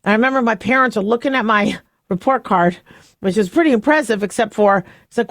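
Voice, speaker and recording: A woman in her fifties hosting a talk radio show, telling stories in a chatty, animated way. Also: a little high, fairly quick, no room sound. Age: 50s. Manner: chatty, animated storyteller, laughs often.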